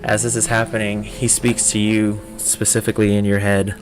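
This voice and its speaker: Male GM, lower voice, loose filler-heavy narration over faint music. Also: little pitch movement, moderate pace. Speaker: game master. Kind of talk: narrating a tabletop game.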